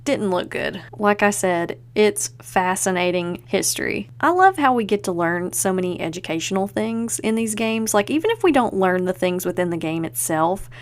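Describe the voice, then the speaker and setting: A woman's voice: mid-range voice, lively intonation, moderate pace, hardly any pauses. A woman hosting a podcast, chatting casually and enthusiastically and leaning on fillers like "like". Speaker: podcast host.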